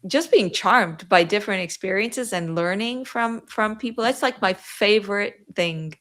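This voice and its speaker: Woman, Yiddish accent, native Yiddish speaker, chatty guest, self-interrupting, mid pitch. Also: moderate pace, fairly bright tone. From New York, USA. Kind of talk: podcast conversation.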